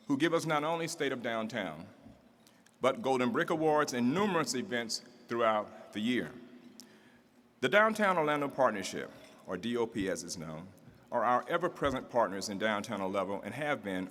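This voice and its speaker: The emcee at this civic event has a mid-range, slightly bright voice, heard with a little background noise. He delivers formal introductions to an audience in a big event hall, then works up to a stirring, rhythmic finish, all in a reverberant space with faint ambience.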